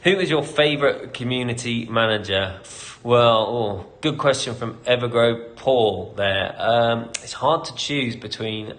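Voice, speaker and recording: A man's voice: mid-range voice, measured pace, fairly bright tone. A British man, a company CEO, hosting a casual live Q&A, reading out questions and answering candidly with lots of ums and light laughter.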